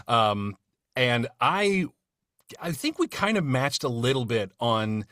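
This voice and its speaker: Man, casual podcast chat, rambling, lots of fillers, mid pitch, dry close mic. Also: big pitch swings, slow pace, sharp tone, no echo. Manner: friendly, rambling, many fillers and restarts. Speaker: cast member leading a retrospective discussion.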